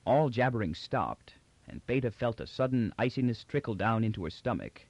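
A man reading a novel aloud with an expressive, theatrical delivery. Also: medium pitch, moderate pace, no echo. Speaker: audiobook narrator. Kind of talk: scripted narration. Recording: dull dry audiobook recording.

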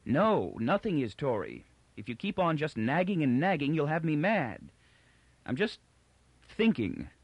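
A man voicing an anxious, weary young woman, lifting his voice higher and answering in a tired, evasive way. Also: huge pitch swings, measured pace, breathy edge, no echo, dull audio, heavily acted. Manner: raised pitch, tired and evasive.

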